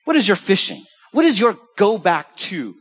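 Pastor guy preaching, high-ish voice bouncing all over, asks lots of questions, acts out little scenes. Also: moderate pace, breathy edge. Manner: animated, rhetorical, acts out dialogue. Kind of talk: sermon.

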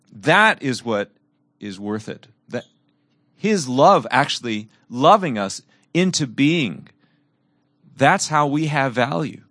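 A man's voice: mid-range voice, no room sound. Earnest preaching man, dry sound. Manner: earnest, swings from bright emphasis to soft, quiet reflection. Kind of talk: sermon with personal storytelling.

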